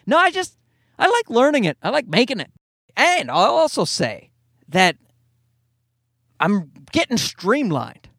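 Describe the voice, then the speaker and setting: Middle-aged man, solo podcast host, rambling and profane, high lively voice, dry close sound in a car. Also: unhurried, pauses often, no room sound. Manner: rambling, profane, self-mocking. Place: parked car, hot.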